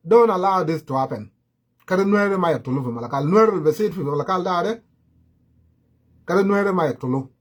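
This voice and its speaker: A man giving impassioned political commentary, repeating his warnings. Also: high-pitched.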